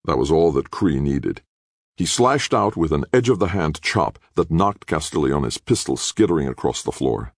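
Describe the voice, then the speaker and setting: A man narrating a thriller audiobook in a measured, dramatic way. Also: rumbling low, lively intonation, no room sound, clean studio sound.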